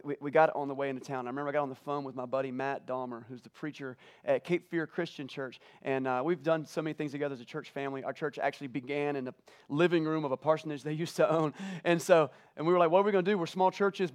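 A middle-aged male pastor telling a story in a sermon, emotional and conversational, often repeating words as he goes. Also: on the high side. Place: church auditorium.

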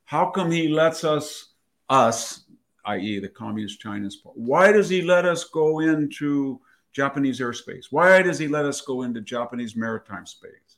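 A man's voice: medium pitch, normal speed, vocal fry, fairly bright tone, voice pushed up. A man voicing a brash young woman agent with a Valley Girl accent, breezy and calling everyone "man". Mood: pointed. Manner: breezy, says "man" a lot.

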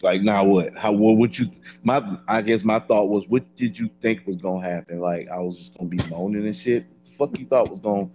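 Blunt low-voiced profane man. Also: a little fast, few pauses, darkish tone, lo-fi sound, a little hiss or hum. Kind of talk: casual storytelling chat.

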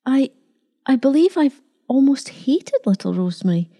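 A woman voicing a tender, unsure young wife in a storybook reading, husky and half-whispered. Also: sits high, sing-song, normal speed, mellow, pitched above the performer's own voice, full character voice. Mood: tearful.

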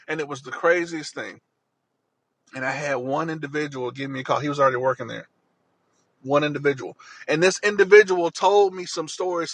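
A man's voice: on the high side, a bit bright, slightly rough, dry recording, poor audio. A man telling a personal story in an earnest, rambling way, often repeating himself.

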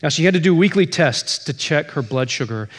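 A man's voice: a little high, expressive, brisk. Emphatic male pastor preaching. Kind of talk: sermon.

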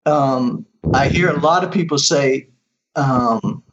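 Earnest halting man, lo-fi audio. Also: medium pitch, a bit bright, slight background noise. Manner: earnest and halting, with frequent restarts. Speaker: medium, interview guest. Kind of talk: casual conversational interview. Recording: dull lo-fi audio.

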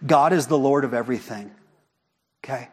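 A man preaching a sermon as a pastor, talking to the congregation in a lively, conversational way with frequent rhetorical questions. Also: medium pitch, a little fast, breathy edge.

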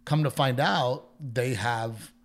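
Brief: man, comedian, animated storyteller, mid-pitched voice, quotes people in character. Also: takes it slowly. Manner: animated storyteller who quotes others in their voices, swears. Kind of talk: casual chat, storytelling.

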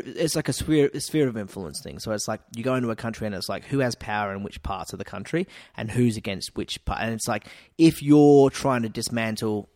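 A man's voice: lowish voice, darkish tone, no room sound, studio quality. An Australian man chatting casually on a podcast, swearing freely and slipping into silly voices.

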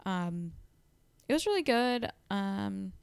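Smooth-voiced young woman chatting casually. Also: mid-range voice, lively intonation, slow pace, dry recording. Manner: chatty, lots of "like" and "um", retelling book plots. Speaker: podcast co-host. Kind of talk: casual chat.

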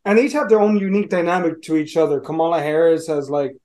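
A man's voice: fairly high pitch, fast talker, dark tone. A man co-hosting a casual podcast chat, talking animatedly and swearing freely. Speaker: podcast co-host.

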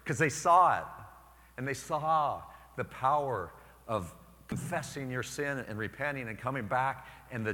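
A priest in his forties preaches a homily and tells personal stories, jumping into lively voices when he quotes people. His tone is bright and forceful. The sound rings with the long reverb of a church. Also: mid-range voice. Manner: storytelling, animated when quoting others. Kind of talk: sermon.

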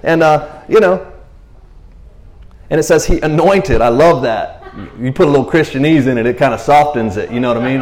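A man's voice: mid-range voice, normal speed, a little mellow. Chatty preacher man in an echoey room. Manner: rambling, chatty, keeps asking "you know what I mean". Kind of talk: casual sermon. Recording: roomy echo.

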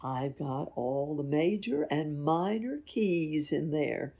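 A woman's voice: low-pitched, lively intonation, slow, dark tone, exaggerated voice. A woman voicing a cheerful, bold male fairy cat in a storybook, speaking eagerly. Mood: sly.

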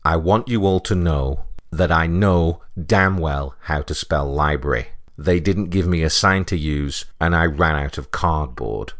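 A man voicing an aggrieved male bus driver who speaks slowly and emphatically. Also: very deep voice, no room sound, studio quality. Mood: indignant.

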